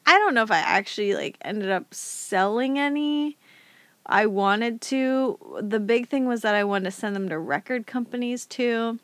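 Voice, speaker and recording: A woman's voice: a little high, normal speed, a bit bright, no room sound. A young woman co-hosting a podcast, telling a story in casual chat and laughing hard. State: pregnant. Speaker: podcast co-host.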